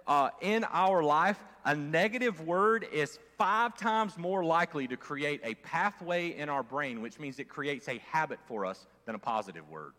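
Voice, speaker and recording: Animated male preacher, high voice, conversational sermon in a reverberant church. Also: moderate pace, few pauses. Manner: conversational, calls for audience response. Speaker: pastor. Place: church sanctuary. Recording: long church hall reverb.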